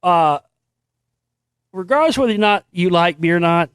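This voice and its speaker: High-voiced, profane, sarcastic male host. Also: expressive, moderate pace, fairly bright tone, smooth, no echo. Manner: sarcastic, swears freely, mocks what he reads. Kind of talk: profane political commentary and article reading.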